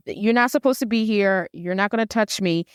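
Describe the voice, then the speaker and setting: Woman doing a bossy rogue ai mom, flat firm no's, smooth clear voice, dry sound. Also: medium pitch, normal speed, no room sound, close to an everyday voice. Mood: stern. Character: rogue female AI house mother, possessive.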